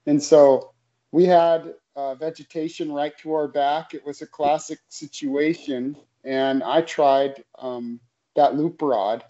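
A man telling a story in casual chat, earnest and a little halting. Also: fairly high pitch, steady tone, mellow, muffled recording.

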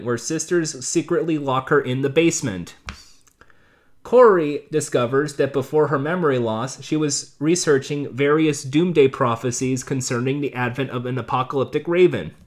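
A man in his late twenties casually recapping TV episodes, rambling and sarcastic, with the odd curse word. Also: mid-range voice. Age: late 20s. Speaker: TV show recapper.

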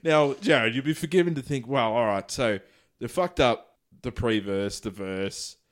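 A man's voice: mid-range voice, a little slow. A man co-hosting a casual comedy podcast, laughing often and joking in crude banter. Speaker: podcast co-host.

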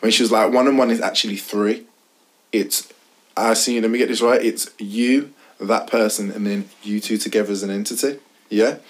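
A man's voice: on the low side, fairly even intonation, normal speed, a little hiss or hum. A man co-hosting a podcast, chatting in a rambling, teasing way with many restarts. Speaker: podcast co-host. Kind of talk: casual chat.

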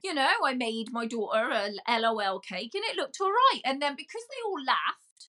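A middle-aged woman, a podcast guest chatting in a loud, self-mocking way. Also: high-pitched, very animated, moderate pace. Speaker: guest, cake decorator. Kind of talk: casual chat.

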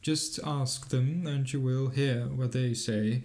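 A man's voice: mid-range voice, fairly even intonation, slow, a little mellow. Man reading a fairy tale aloud. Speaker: narrator. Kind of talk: storybook reading.

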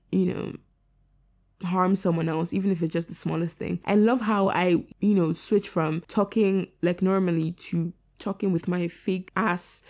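Blunt, sassy teenage girl, low mellow voice. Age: teens. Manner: blunt and sassy, frequent swearing. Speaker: vlogger. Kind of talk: casual advice vlog.

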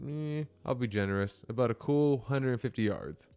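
Smooth-voiced man in casual chat. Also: mid-range voice, moderate pace, darkish tone. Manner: laid-back, swearing, acts out quotes.

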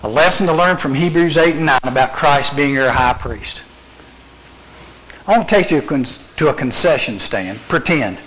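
A man preaching to a youth gathering, acting out scenes as he goes. His voice sits fairly high, and he keeps tossing out rhetorical questions. There is a faint hum of background noise behind him. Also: expressive, moderate pace, a bit bright, rough recording. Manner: dramatic storytelling with rhetorical questions; acts out scenes with a live demonstration. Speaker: youth speaker. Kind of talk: youth sermon.

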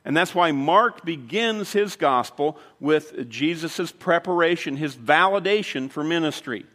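In a church sanctuary, a pastor delivers a sermon, telling a story conversationally with dramatic emphasis. His voice is fairly high and a little bright, and the recording carries the long reverb of a large hall.

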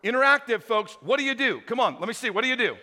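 Animated preacher man, echoing hall. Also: very high voice, quick pace. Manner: animated, interactive, joking with the crowd. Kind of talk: sermon to a live auditorium. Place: large auditorium. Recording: long hall reverb.

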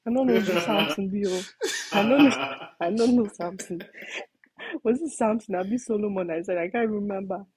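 Animated Nigerian woman telling a story. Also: medium pitch, moderate pace, crowd noise, low-quality recording. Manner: animated, switches into pidgin, acts out shouting. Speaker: storyteller in group chat. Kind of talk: casual storytelling.

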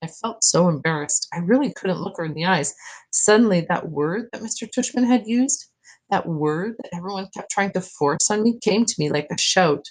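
A woman reading aloud from a novel, narrating in an expressive, emotional way. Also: fairly low pitch, moderate pace, rough recording. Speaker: audiobook reader.

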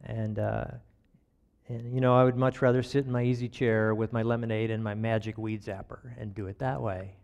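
A man's voice: fairly low pitch, moderate pace, creaky, muffled recording. Folksy man telling a sermon story. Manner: folksy, relaxed, chuckles at himself.

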